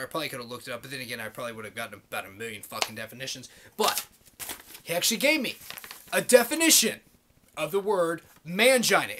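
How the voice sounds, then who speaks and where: A man's voice: high-pitched, bright, forceful tone. A man in his late twenties giving a profane, rambling, heated monologue to the camera as a vlogger. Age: late 20s.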